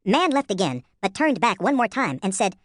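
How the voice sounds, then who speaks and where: A woman narrating a children's story in a clear, expressive storytelling manner. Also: mid-range voice, normal speed, no echo, studio quality. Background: music.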